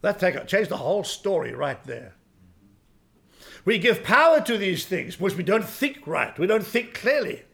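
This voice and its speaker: A man in his sixties preaching a sermon as pastor, folksy and emphatic, swinging from quiet asides to loud exclamations. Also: sits high, very animated, a little slow, creaky. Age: 60s.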